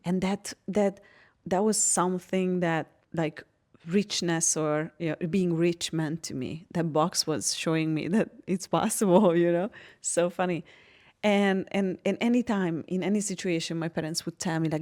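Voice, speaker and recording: A woman from Hungary talks openly in a relaxed podcast conversation. Her voice sits a little low, and she tells stories with animation, often breaking into laughter. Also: moderate pace. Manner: animated storytelling, laughs often, frank and expressive. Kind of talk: casual podcast chat.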